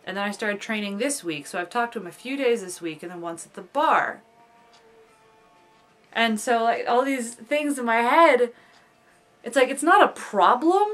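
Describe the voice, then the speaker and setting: A woman's voice: a little high, a bit bright. A young woman in a casual confessional vlog, rambling and overthinking with lots of fillers like "like". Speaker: vlogger.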